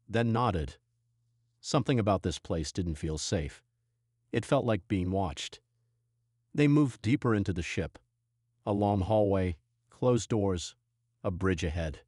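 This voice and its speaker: A man reading a science fiction story in a steady, measured storytelling voice. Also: low-pitched, breathy edge, no echo, clean studio sound. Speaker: narrator. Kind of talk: scripted sci-fi narration.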